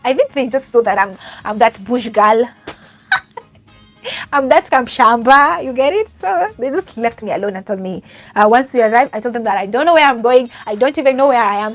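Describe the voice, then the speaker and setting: Young Kenyan-accented woman, fairly high pitch, chatty storyteller who pokes fun at herself, soft music underneath. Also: no echo. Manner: chatty, self-mocking, laughs often, many fillers. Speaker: au pair. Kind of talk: casual storytelling vlog.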